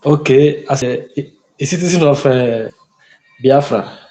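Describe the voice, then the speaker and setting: A man with a Nigerian accent calling in to a livestream, talking in a hesitant, halting way. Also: mid-range voice, warm tone, reverberant. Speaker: caller. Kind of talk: casual call-in talk.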